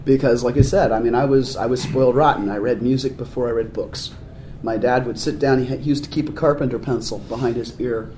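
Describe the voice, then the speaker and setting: A male musician guest talks through his stories in a casual interview, breaking into laughter often. His voice sits at an ordinary middle pitch. The recording is roomy and echoey, with a faint hiss underneath. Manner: animated storyteller, laughs often. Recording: roomy echoey room sound.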